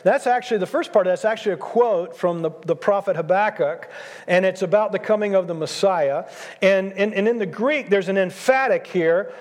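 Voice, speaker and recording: A man's voice: high voice, normal speed. A man in his sixties, a pastor preaching a sermon, speaking emphatically and repeating his key phrases. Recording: long hall reverb.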